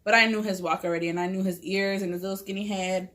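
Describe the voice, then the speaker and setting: A Southern California mukbang vlogger in her thirties eats at home with her cat, rambling through a profane story packed with "like." Her mid-range voice is steady, a bit bright, and fast.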